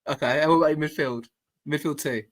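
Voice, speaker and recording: Blunt bloke hosting a podcast. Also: male voice, a little high, quick pace. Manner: blunt, laddish, swears freely. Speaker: podcast host. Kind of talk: casual football podcast chat.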